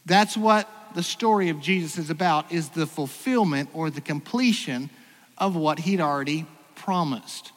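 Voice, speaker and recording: A man preaching to his congregation with a high, light voice, asking questions and restarting sentences as he thinks aloud. His words ring out with a long reverb in a church sanctuary. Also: moderate pace. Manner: conversational preaching, rhetorical questions, frequent restarts. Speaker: pastor. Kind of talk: sermon.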